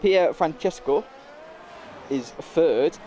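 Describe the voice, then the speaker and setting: A man's voice: fairly high pitch, animated, very slow, mellow. A man co-commentating a sim race, chatty and often tripping over names and numbers. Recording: clear background noise.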